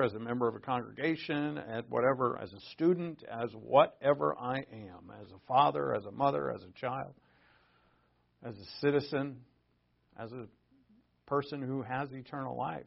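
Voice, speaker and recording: Male Bible study teacher, middle pitch, conversational with asides, muffled low-fi recording. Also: vocal fry. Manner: conversational, with offhand asides and swings between loud emphasis and quiet. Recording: dull lo-fi recording.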